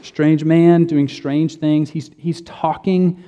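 A man's voice: on the high side, little pitch movement, slow, dark tone, in a large hall, highs cut off. A man preaching a sermon, praying, then telling a made-up story in a casual, joking, self-correcting way. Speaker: pastor.

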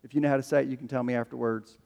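A man preaching a sermon as a pastor, animated, acting out the voices he quotes. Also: medium pitch, rapid-fire, gravelly. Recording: long hall reverb.

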